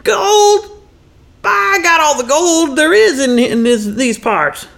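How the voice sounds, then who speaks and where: A man's voice: very high voice, lively intonation, slow pace, vocal fry, a bit bright, voice pushed up, full character voice. A man voicing a folksy old man with a Texan accent who hoards gold, in a squawky, hollering put-on voice while improvising a story.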